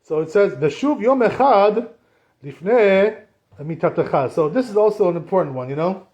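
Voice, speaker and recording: A man's voice: high voice, lively intonation, normal speed, a little mellow, muffled recording. A man giving a casual Torah class in a conversational way, often saying "you know" and acting out what people say. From Sephardic Jewish community. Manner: conversational, repeats "you know" and acts out quotes. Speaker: Torah teacher.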